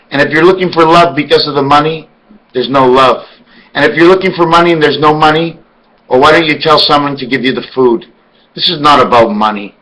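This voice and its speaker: A man's voice: fairly high pitch, sharp tone, slight background noise, rough recording. A man delivering an emphatic, rambling monologue full of rhetorical questions. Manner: spells words out letter by letter. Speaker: video blogger.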